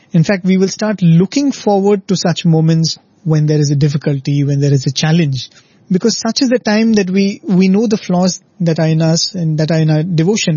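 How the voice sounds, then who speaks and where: A man's voice: a little high, mellow, husky, no echo. A man giving an earnest, reflective devotional talk, often ending points with a questioning "right?". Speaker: devotional speaker. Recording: dull lo-fi dry recording.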